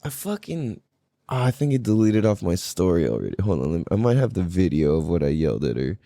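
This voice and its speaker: A man hosting a podcast, telling a story in a casual, profane and animated way. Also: low voice, quick pace, creaky, dry recording, studio quality. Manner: animated, profane, laughing often. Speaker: podcast host.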